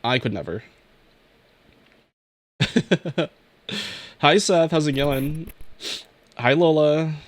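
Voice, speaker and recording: A man's voice: a little high, extremely slow, pauses often, dry recording. Teary man streamer chatting casually. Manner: emotional, swears casually, laughs often. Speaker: VTuber streamer. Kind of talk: casual livestream chat, reading chat messages.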